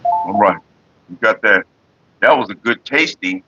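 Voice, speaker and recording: A vlogger hosts a smoking session on his own casual vlog, rambling and joking loosely and addressing viewers and chat by name. His lowish voice is animated, bright and forceful, slightly rough, a little slow with frequent pauses, and the audio sounds dull.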